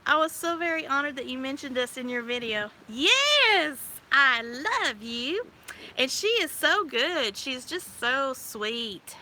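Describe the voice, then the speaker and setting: Chatty woman in her forties hosting a live stream, bright and high, laughs a lot, faint breeze behind her. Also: lively intonation, normal speed, hardly any pauses. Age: 40s. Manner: bubbly, chatty, laughs often. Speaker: livestream host. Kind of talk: casual live-stream chat. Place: outdoors by a pool on a windy day. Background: wind gusts.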